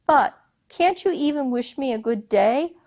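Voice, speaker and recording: Brief: imperious folk-tale Sultan, lifted and loud, voiced by a woman. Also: high voice, animated, measured pace, pitched above the performer's own voice, exaggerated voice. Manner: grand, imperious, coaxing. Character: proud, commanding Sultan, a ruler.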